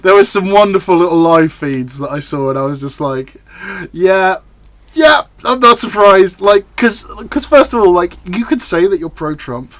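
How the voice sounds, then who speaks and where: A man's voice: a little high, lively intonation, moderate pace, few pauses, no room sound. A man co-hosting a casual political chat podcast, rambling with many fillers and restarts. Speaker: podcast co-host.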